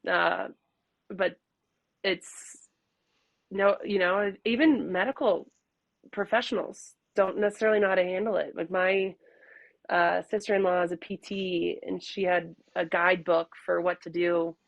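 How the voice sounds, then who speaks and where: A woman's voice: fairly low pitch, fairly even intonation, unhurried, creaky, dry recording. A young woman chatting candidly as a podcast guest, often laughing. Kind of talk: casual podcast conversation.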